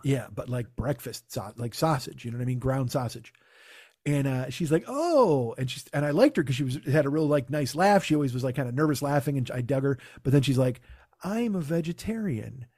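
A man's voice: mid-range voice, quick pace, a little mellow, no room sound, clean studio sound. A man hosting a podcast, ranting in a casual, comic, profane and exasperated way. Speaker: podcast host. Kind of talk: casual comedic rant.

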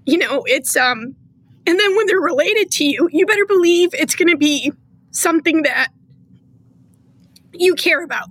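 Impassioned high-voiced woman. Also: animated, normal speed, pauses often, a bit bright, low-quality recording. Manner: impassioned, emphatic. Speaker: state comptroller, guest. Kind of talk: political interview talk.

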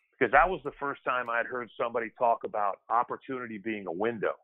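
A man's voice: mid-range voice, quick pace. A man spins easygoing stories from his playing days, talking loosely and circling back on himself mid-sentence. His voice sits in a middling range, and it arrives through a thin, phone-like line. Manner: conversational, loose, frequent restarts and "kid". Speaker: guest, former pro basketball player. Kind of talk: casual storytelling interview.

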